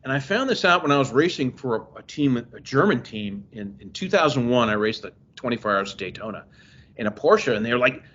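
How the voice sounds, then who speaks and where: Animated storytelling man, lo-fi sound. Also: mid-range voice, brisk. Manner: animated storyteller, acts out quoted voices. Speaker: podcast guest. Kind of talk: casual chat. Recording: dull lo-fi audio.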